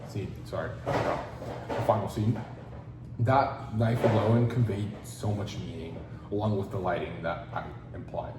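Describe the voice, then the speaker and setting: Male student, low voice, earnest, reflective interview answers, roomy echo with audible background noise. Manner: earnest, steady, with small stumbles and restarts. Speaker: student presenting his film project. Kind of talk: interview-style reflection, partly read.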